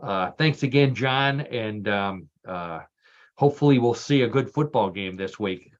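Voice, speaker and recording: Joking Texan host with a lo-fi sound. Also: male voice, fairly low pitch, unhurried. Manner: chatty and jokey, laughs often, with frequent "uh" restarts. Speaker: show host. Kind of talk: casual radio chat, hosting a news quiz.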